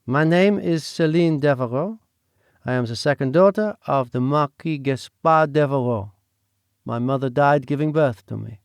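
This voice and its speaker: A man's voice: fairly high pitch, normal speed, clean tone, no echo, natural voice. A man voicing a clever, prim fifteen-year-old French girl with a French accent, speaking in a poised, precise way. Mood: matter-of-fact. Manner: poised, precise, lightly teasing.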